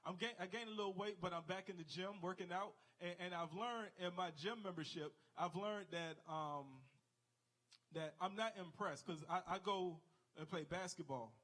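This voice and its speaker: A man's voice: high-pitched, normal speed, a bit bright. A man doing a stand-up comedy set on a club stage, telling stories and acting out the people in them with exaggerated voices. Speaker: stand-up comic.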